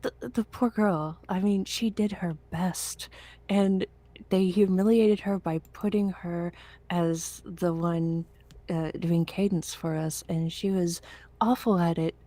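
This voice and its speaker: Low, mellow woman rambling about service. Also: fairly even intonation, slow pace. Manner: rambling, full of fillers and restarts. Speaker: veteran podcast guest. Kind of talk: casual chat.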